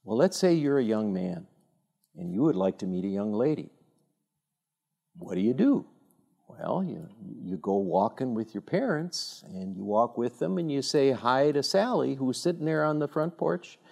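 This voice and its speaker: Older male speaker, mellow voice, animated and digressive, telling anecdotes to younger listeners. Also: medium pitch, normal speed, vocal fry. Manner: animated, rambling storyteller with many fillers and restarts. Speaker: speaker addressing a younger audience. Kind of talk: informal talk with anecdotes.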